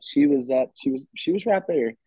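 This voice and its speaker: Warm and slightly rough, his expressive mid-range voice keeps a normal speed with no room sound. He tells casual, rambling stories as a podcast guest, often beginning phrases again, though the audio is dull and a touch muffled.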